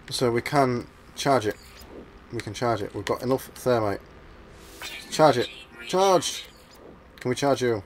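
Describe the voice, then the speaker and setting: A man giving let's-play commentary over his gameplay, excitable and exclaiming, at times mumbling. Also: medium pitch, a little hiss or hum. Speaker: gaming channel host.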